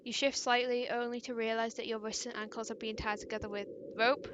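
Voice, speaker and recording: A woman reading a visual-novel fangame aloud, stumbling over lines and breaking off into awkward asides, with steady background noise. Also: fairly high pitch, fairly quick. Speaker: game player.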